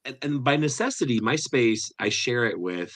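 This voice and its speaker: A man from Montana, a theatre teacher, chatting as a guest in an animated way and laughing easily. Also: mid-range voice, normal speed. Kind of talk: casual video chat.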